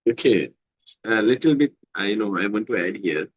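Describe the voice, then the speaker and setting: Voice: medium pitch, expressive, normal speed, highs cut off. A speaker with an Indian English accent explaining earnestly in casual conversation practice, repeating points. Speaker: conversation partner.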